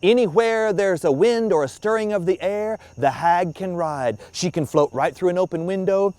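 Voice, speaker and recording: Guy telling spooky stories, bit high voice, dramatic. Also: normal speed, no echo. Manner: dramatic, hushed in places. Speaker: storyteller. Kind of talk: ghost story telling. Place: outdoor graveyard.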